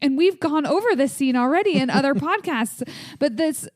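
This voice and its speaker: A woman's voice: animated, brisk, dry recording, studio quality. A woman co-hosting a TV rewatch podcast, heartfelt, reenacting scenes as she recaps them. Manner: heartfelt, reenacts dialogue in a higher pitch. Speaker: podcast co-host. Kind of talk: casual chat.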